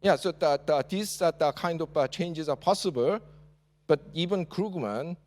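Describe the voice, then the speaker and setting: Giving a university lecture in English, this South Korean guest lecturer has a Korean accent and a slightly high, darkish voice at a moderate pace. His talk is full of "uh" fillers, points end with an inquiring "yeah?", and the big hall makes the recording reverberant.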